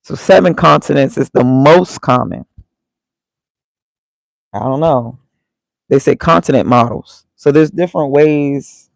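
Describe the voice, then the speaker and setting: A man's voice: medium pitch, unhurried, gravelly, pauses often, no echo, low-quality recording. A man casually thinking aloud as he reads, muttering and reacting to himself. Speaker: vlogger.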